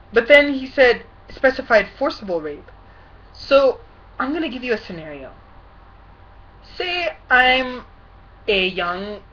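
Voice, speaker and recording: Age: young adult. Style: ranting commentary vlog. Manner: indignant, sarcastic, mid-pitched. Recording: dull, lo-fi. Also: female voice, a bit bright. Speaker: vlogger.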